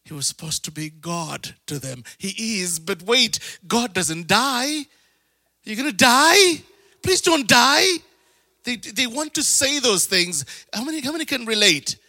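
A man with a high, bright voice preaches with lots of energy and calls out to his congregation for amens. He slips into quick put-on voices and laughs along the way. The sound is dry and close. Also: expressive, dry recording. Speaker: pastor. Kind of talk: sermon.

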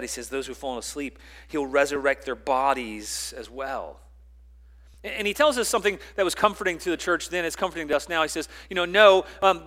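Male pastor, higher register, preaching with swelling emphasis and hushed drops. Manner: emphatic, swings from loud to quiet; repeats words and restarts phrases. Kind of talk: sermon.

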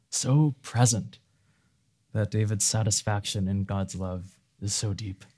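A man's voice: medium pitch, darkish tone. A man preaching a sermon in an earnest way, now and then rising to fervent emphasis.

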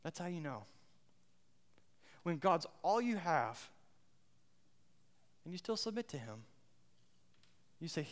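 A man preaching a sermon as pastor, impassioned, swinging between loud outbursts and hushed moments. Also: on the high side, sing-song, slow pace, long pauses. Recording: long reverb of a large hall.

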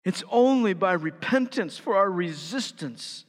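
A man preaching a sermon as pastor, rising to emphatic peaks and dropping to quiet, earnest lines. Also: sits high, expressive, unhurried, big-room sound.

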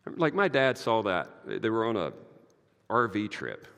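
A man preaching a sermon, emphatic and conversational, with casual asides and many "like"s, swinging from quiet to loud. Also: fairly low pitch, very animated, a little slow, long reverb tail.

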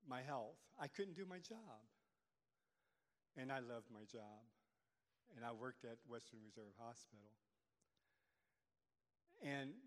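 Older man giving a halting testimony. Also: mid-range voice. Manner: halting, with many restarts. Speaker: church member giving testimony. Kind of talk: personal testimony. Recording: long hall reverb.

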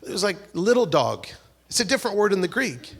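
A man preaching a sermon, swinging between loud exhortation and hushed, whispered prayer, acting out the voices he quotes. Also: high voice, very animated, fairly quick. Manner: acts out quoted voices, repeats words and restarts.

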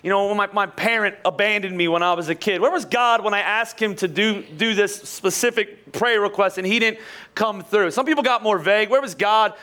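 With a high-pitched voice and a slightly fast delivery, this Pennsylvania pastor gives a lively sermon in a faint Pennsylvania accent. He often repeats words and trades jokes with his congregation.

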